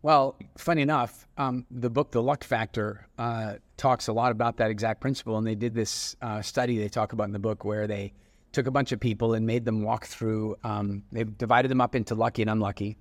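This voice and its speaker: A middle-aged man, an entrepreneur guest, telling stories in a casual, animated way with frequent restarts and acted-out dialogue. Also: lowish voice, a little fast. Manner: animated storyteller with many restarts, acting out dialogue. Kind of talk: casual storytelling interview.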